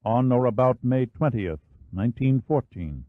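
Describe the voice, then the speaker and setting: A genial, easygoing American historian, as a male narrator puts him on, chatty and a touch higher than the narration. It sounds dry and phone-thin. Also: lively intonation, normal speed, no echo, close to an everyday voice. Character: friendly American Senate historian, middle-aged man. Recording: dry, phone-like narrow band.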